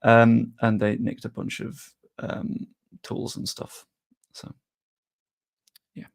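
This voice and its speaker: A man with a medium-pitched voice speaks slowly and completely flat, with vocal fry, in a casual live stream. He rambles a bit while reading viewers' messages aloud and answering them.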